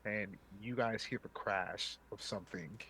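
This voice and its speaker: A man's voice: lowish voice, measured pace, sharp tone, slight background noise. A man narrating a tabletop game as game master, casual and full of fillers.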